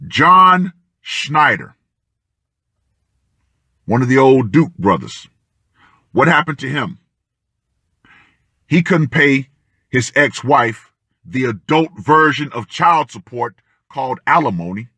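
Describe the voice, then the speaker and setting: A man delivers a ranting commentary in a forceful, bright voice. He speaks slowly, leaning on each phrase, and his pitch swings widely. The sound is dry and close. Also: expressive, breathy edge, no echo. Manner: emphatic and deliberate, punchy declarations. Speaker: online commentator.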